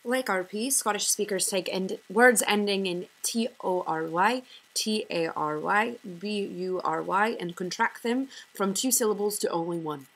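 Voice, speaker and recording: A young woman reading a class presentation, slowly sounding out example words one at a time. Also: medium pitch, breathy edge, rough recording. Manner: reads slowly, pausing to demonstrate word examples one by one. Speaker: student presenter.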